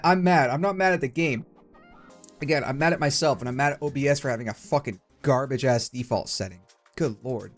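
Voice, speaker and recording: A man's voice: medium pitch, fairly bright tone. A young man hosting a casual let's play, ranting with heavy swearing. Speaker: gaming channel host.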